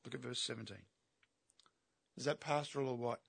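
A man's voice: mid-range voice, brisk, creaky, breathy edge, no echo. A man preaching an expository sermon, emphatic and asking his listeners rhetorical questions.

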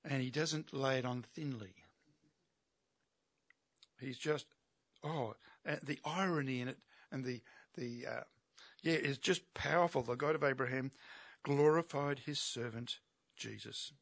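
A man's voice: medium pitch, a little slow, long pauses, dry recording. A man preaching an expository sermon, emphatic and asking his listeners rhetorical questions.

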